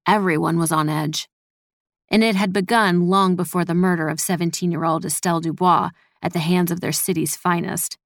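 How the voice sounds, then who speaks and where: A woman reading a story as a scripted narration in an even, measured manner. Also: fairly low pitch, dry recording, clean studio sound. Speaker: audiobook narrator.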